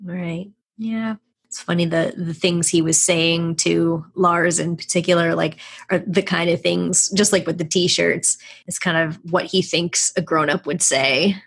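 A woman's voice: fairly low pitch, steady tone, a little slow, gravelly, breathy edge. A woman co-hosting a podcast in casual chat, talking freely and laughing often. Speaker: podcast co-host.

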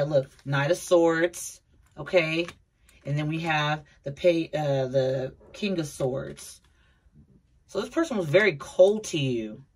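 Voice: mid-range voice, a bit bright, a little hiss or hum. An adult tarot reader giving a casual, blunt reading to viewers, repeating points and talking to them as a collective. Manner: chatty, repeats herself, addresses viewers as a collective; blunt, occasional swearing.

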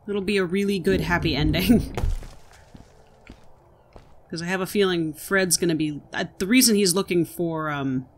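Let's-play host, bright, edgy tone, chatty and reactive, faint hiss. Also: mid-range voice. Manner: chatty, reactive, exclaims at gameplay. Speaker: gaming video host.

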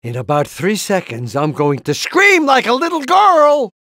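Nervous rooster father, cartoon game, stammering, high voice, slow delivery. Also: huge pitch swings, sharp tone, dry recording, clean studio sound, full character voice. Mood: flustered. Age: older. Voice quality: jittery, stammering, shrieks when scared. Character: nervous, fussy rooster dad, easily panicked. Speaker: voice actor in a video game.

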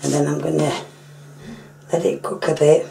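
A woman with a hoarse, fading voice talks a home cooking demonstration through in a casual way. She often stops to clear her throat and apologise. Her voice sits fairly low, and a faint background hiss runs under it. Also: little pitch movement, moderate pace, warm tone.

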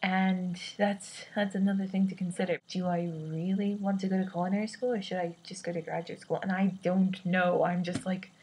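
Hesitant, husky young woman vlogger. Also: on the low side, little pitch movement, a little fast, few pauses, a little mellow, rough recording. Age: 20s. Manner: hesitant, self-doubting, many restarts; self-described awkward and introverted. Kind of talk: rambling personal vlog.

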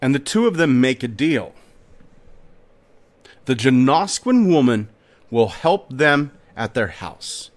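Man, podcast host, dramatic storytelling, lively pitch, slow pace. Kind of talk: storytelling narration.

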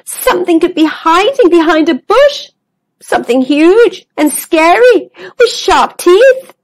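A woman voicing a nervous young female zebra who talks anxiously and squeakily. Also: lively intonation, extremely slow, darkish tone, dry recording, heavily acted.

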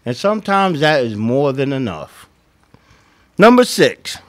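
Lively blunt man giving relationship advice. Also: medium pitch, a little slow, no echo. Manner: blunt, swears, acts out little dialogues. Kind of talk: casual advice monologue to camera.

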